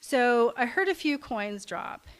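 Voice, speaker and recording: A woman's voice: on the high side, animated, slow pace. A middle-aged woman from Kentucky, founder of a community café, giving a talk and telling a story with frequent "um"s and restarts. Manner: warm storytelling with hesitant fillers. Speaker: nonprofit café founder and director. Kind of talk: talk to a congregation.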